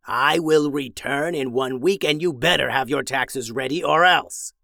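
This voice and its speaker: A man voicing an arrogant evil wizard who crowns himself king, speaking in slow, booming, threatening proclamations. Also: vocal fry, pushed and bright, no echo, studio quality. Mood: menacing.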